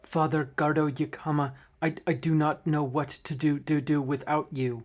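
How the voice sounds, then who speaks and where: A man's voice: on the high side, little pitch movement, moderate pace, close to an everyday voice. A man voicing an earnest young male construct made of metal, who speaks stiffly and hesitantly with stammers, in a narrated tabletop adventure. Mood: lost.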